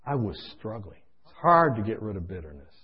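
A man preaching a sermon, impassioned, swinging from hushed storytelling to loud pleading, in a dull lo-fi recording. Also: on the low side, sing-song, a little fast.

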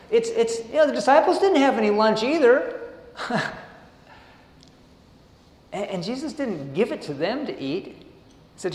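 Reading passages aloud during his sermon, a high-pitched man breaks into casual, chuckling asides, his voice swinging widely in pitch. He speaks at a moderate pace and pauses often, in a roomy hall with long reverb.

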